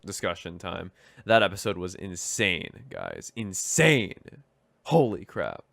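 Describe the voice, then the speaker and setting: A man's voice: deep voice, wildly swooping pitch, takes it slowly, gravelly, a bit bright. A young man chatting casually as a game streamer, rambling with lots of fillers. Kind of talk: casual gaming commentary.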